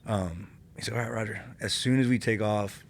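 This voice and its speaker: A man from California, a retired army infantryman, telling war stories in a casual podcast interview, animated and laughing as he talks. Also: fairly low pitch, brisk, slight background noise.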